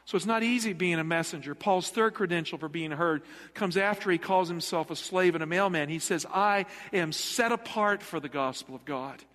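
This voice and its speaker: A middle-aged pastor preaches a sermon in a church sanctuary, emphatic and throwing rhetorical questions at the congregation. His voice is high and fairly bright, moving at normal speed with hardly any pauses. Long hall reverb fills the recording.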